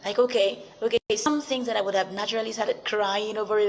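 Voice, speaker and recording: A woman's voice: mid-range voice, steady tone, brisk, muffled recording, slight background noise. A young adult woman hosting a motivational talk show, speaking earnestly and repeating rhetorical questions to her listeners. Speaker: show host.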